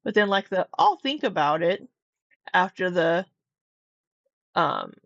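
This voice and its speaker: A woman's voice: fairly low pitch, dry recording. Woman commentator, skeptical, questioning tone, dry lo-fi sound. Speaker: commentary youtuber. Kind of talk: reaction commentary.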